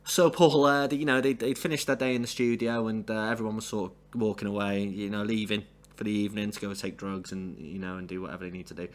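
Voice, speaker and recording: A man's voice: on the low side, steady tone, quick pace, hardly any pauses. A man casually reviewing an album on his own channel, rambling with many fillers and restarts. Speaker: music reviewer.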